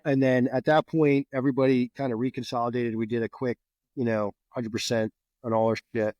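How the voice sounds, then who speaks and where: A man's voice: medium pitch, brisk, no echo, muffled recording. A middle-aged man from New Jersey, a veteran guest, telling stories casually with lots of swearing and repeated words. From New Jersey, USA. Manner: profane, animated, repeats words. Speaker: guest, Green Beret veteran. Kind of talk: casual storytelling.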